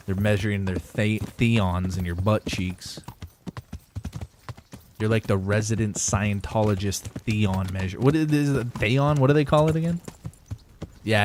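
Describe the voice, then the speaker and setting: A young man with a fairly low voice chats through a live gaming stream, joking and rambling with his viewers. His banter is loose and profane, spoken close to a desk microphone. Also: measured pace, pauses often, noisy background. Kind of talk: casual gaming livestream chat.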